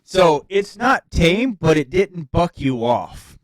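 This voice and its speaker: A man's voice: a little high, very animated, slow, a crowd in the background. A man running a tabletop game as game master, casual and laid-back with many ums. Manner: laid-back, lots of ums, frequent laughs.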